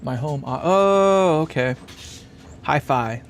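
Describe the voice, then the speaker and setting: A man's voice: on the high side, expressive, slow pace, slight background noise. Rambling man on a live stream. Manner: rambling, thinking aloud, chuckling often. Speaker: live-stream host building a guitar amp. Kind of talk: casual live-stream chat, reading comments. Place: workshop bench.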